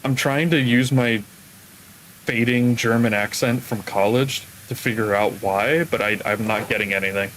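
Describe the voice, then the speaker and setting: A man of ordinary pitch talks loosely on a gaming stream, wandering through stories and often stopping to find his words. A faint hiss runs underneath. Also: normal speed, a bit bright, low-quality recording. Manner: rambling storyteller, trails off mid-sentence. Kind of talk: casual chat while gaming.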